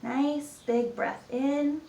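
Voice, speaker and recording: A young woman in full character voice plays Jane, a cheerful adventurer and friendly guide, as a kids' movement and mindfulness instructor leading children through an upbeat, encouraging lesson. Her voice is high and dark-toned with vocal fry, delivered extremely slowly in a steady tone. The echoey room carries faint ambience and a little hiss or hum.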